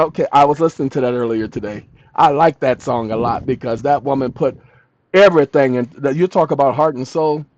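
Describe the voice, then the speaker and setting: A man's voice: medium pitch, darkish tone. A man hosting his own channel, talking to his viewers in a rambling, casual monologue that wanders from topic to topic. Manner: rambling, talks to viewers, breaks into song. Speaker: channel host. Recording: dull lo-fi dry sound.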